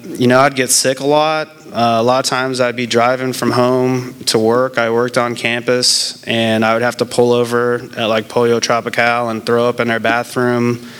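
A man, likely in his twenties, talks through his past in a casual, unscripted way, starting over and trailing off often. His voice is smooth and clean, at an ordinary pitch, and his tone stays frank and self-mocking. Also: little pitch movement, a bit bright. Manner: rambling, halting, many fillers and restarts; candid and self-deprecating. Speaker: person in recovery sharing his story. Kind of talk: casual personal testimony.

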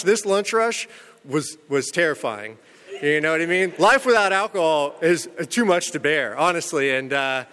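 A man recounts his own recovery candidly and ramblingly, peppering it with "you know" and "man" and self-mocking humor about his dark past. His voice is on the high side and clean, with a long reverb tail.

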